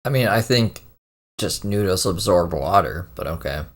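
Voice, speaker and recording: Deep-voiced man making dry, sarcastic asides. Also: expressive, normal speed. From Canada. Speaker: streamer reacting to a clip. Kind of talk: reaction commentary.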